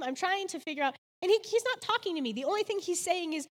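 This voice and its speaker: A woman's voice: very high-pitched, fast, long reverb tail. A woman in her thirties giving a faith devotional talk, telling a personal story in an earnest, heartfelt way with lots of "like"s. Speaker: devotional speaker.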